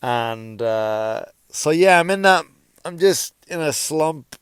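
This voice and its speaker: Young male stand-up comic hosting his own podcast, loose, profane, rambling, restarts a lot; smooth tone, close and dry. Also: on the high side, lively intonation, slow pace, no echo. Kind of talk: casual rambling monologue. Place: around New York.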